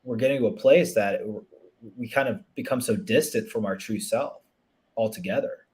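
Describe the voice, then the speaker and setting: A slightly mellow, lowish male voice at a moderate pace belongs to a relationship coach in an informal interview. He comes across as earnest and reflective, regularly restarting and tossing in "you know."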